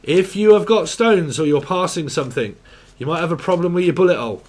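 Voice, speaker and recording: A man's voice: fairly high pitch, a little fast. A man giving a casual tarot reading, rambling, crude and jokey, often laughing. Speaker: tarot reader.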